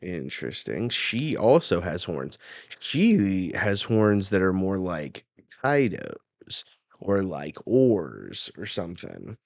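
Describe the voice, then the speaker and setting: Low-voiced man reacting to a comic chapter. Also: very animated, slow, vocal fry, dry recording. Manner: reads dialogue aloud with big jumps into character voices. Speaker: manga reaction host. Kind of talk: live reading and reaction.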